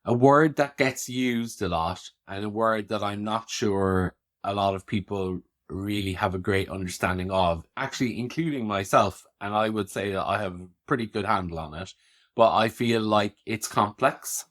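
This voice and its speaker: A man's voice: lowish voice, normal speed, a bit bright. A man hosting a podcast, asking curious questions and affirming his guest in a conversational way. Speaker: podcast host. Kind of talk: conversational interview.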